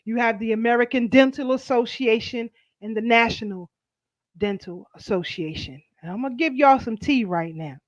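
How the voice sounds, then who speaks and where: A woman hosting a casual commentary show, reading viewer comments and speaking in an animated, preachy way. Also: fairly high pitch, normal speed, dry recording. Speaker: host. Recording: dry, dull lo-fi sound.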